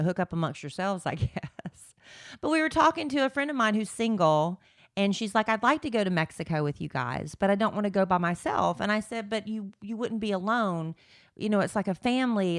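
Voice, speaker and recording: A woman, co-hosting a podcast in chatty, animated conversation. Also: medium pitch, dry recording, clean studio sound. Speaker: podcast co-host. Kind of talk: casual chat.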